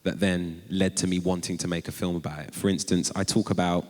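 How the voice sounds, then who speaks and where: A low-voiced man from North London, appearing as an author and guest, tells stories conversationally on stage before a live audience in a large chapel. He's animated, quickly jumping into high-pitched quoted exclamations, and his voice rings with a long reverb through the hall.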